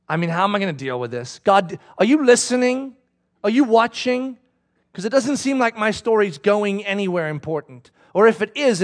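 High-voiced animated male preacher. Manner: animated, swings from loud to hushed. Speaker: pastor. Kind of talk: sermon.

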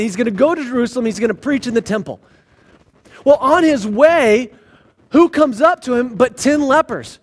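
Very high-voiced man preaching a sermon. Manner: animated storytelling with sarcastic asides. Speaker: pastor.

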